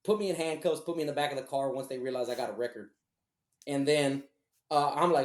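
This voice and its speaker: Profane, animated male podcast storyteller. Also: medium pitch, quick pace, roomy sound. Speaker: podcast co-host. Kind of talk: casual storytelling chat.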